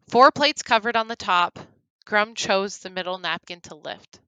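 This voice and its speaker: A woman reading her own horror story aloud, turning hushed and grave in the dark passages. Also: medium pitch, a little slow, clean tone, no echo, rough recording. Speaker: horror story writer and reader.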